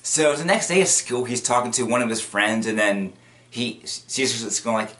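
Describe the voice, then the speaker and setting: A man's voice: medium pitch, lively intonation, normal speed, fairly bright tone. A man casually recapping a cartoon episode, rambling and repetitive with many restarts, bursting into acted quotes. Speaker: video commentator.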